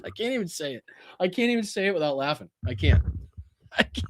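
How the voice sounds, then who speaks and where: A man's voice: sits high, big pitch swings, fairly quick. A man hosting a podcast, reacting to clips in casual political commentary, incredulous, swearing and laughing as he talks. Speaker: podcast host.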